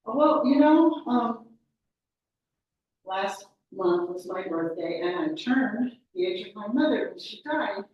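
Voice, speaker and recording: A woman's voice: mid-range voice, lively intonation, takes it slowly, dull audio, slight background noise. A woman voicing a tired, flustered young woman who hesitates and stumbles on the phone, heard from a distance in a very echoey room. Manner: hesitant, many ums, unsure.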